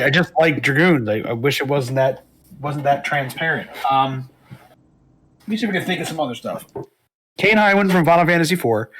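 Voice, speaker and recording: A man's voice: mid-range voice, a bit bright. A man as a guest in a casual interview, rambling and thinking aloud with many fillers. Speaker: guest, streamer.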